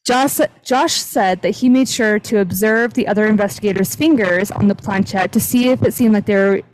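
A woman's voice: medium pitch, moderate pace, darkish tone, rough recording. A young woman hosting a casual podcast, retelling a paranormal investigation with lots of fillers. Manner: chatty, retelling a paranormal story with many "like" fillers. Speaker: podcast host. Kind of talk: casual storytelling chat.

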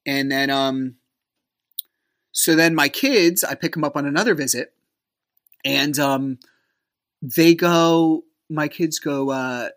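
A man's voice: slow, pauses often, a bit bright. Man telling a story, casual and exasperated. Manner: casual and conversational, with frequent fillers; acts out quoted dialogue with big pitch jumps. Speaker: podcast host. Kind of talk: personal storytelling monologue.

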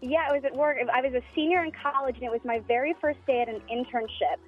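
A young woman calling in to a radio show, telling an embarrassing story quickly and laughing. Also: high-pitched, faint music behind. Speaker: caller. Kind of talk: telling a funny anecdote. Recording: dull lo-fi line.

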